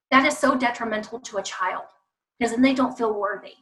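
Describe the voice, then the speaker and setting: A woman's voice: a little high, lively intonation, normal speed, far from the mic, low-quality recording. A woman giving an online parenting talk with slides over a video call, emphatic and repetitive, speaking straight to parents. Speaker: parenting coach.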